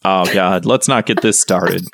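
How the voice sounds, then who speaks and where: A man co-hosting a casual podcast, telling a story with mock outrage that climbs toward near shouting. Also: deep voice, unhurried, creaky, no room sound. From Chicago. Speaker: podcast co-host.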